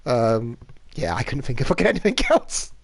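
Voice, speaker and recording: A man commenting as he plays a game, hesitant and self-deprecating with many pauses. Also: mid-range voice, big pitch swings, gravelly, husky, no echo. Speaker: streamer playing a game. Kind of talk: let's play commentary.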